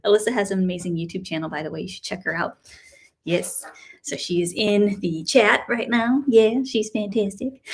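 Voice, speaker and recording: A woman's voice: mid-range voice, normal speed, music in the background. Upbeat woman teaching ukulele live. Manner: counts beats aloud and greets viewers in chat. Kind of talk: live-streamed music lesson. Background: ukulele playing.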